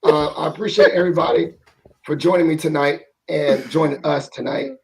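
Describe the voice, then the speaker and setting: A man hosting a podcast in a casual, joking way, with a naturally raspy, gravelly voice. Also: a little high, brisk, a little mellow, a little hiss or hum, low-quality recording. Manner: easygoing, self-joking, slangy. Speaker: podcast host.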